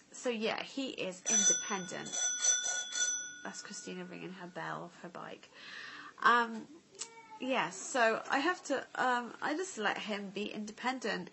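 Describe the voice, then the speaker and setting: A woman's voice: on the high side, vocal fry, heavy background noise. A woman, a mother vlogging at home, chatting candidly to camera with lots of "like" and "you know". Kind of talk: casual chat to camera. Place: family home.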